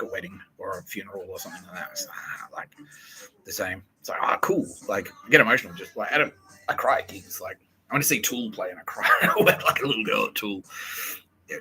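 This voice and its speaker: Bright-voiced man, ranting. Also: on the low side, poor audio. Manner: profane, rambling, restarts mid-sentence. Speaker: podcast host. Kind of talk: casual rambling monologue.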